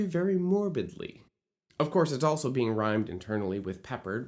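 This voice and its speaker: A man giving a scripted online lesson on musical theatre writing, in a playful and expressive way. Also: on the low side.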